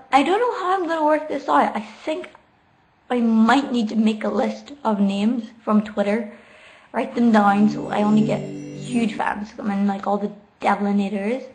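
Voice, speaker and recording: Woman, slightly high voice, giggly late-night laptop livestream, answering viewer chat from home. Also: darkish tone. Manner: chatty and giggly, reads questions aloud before answering. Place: at home, sitting on the floor. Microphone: laptop microphone.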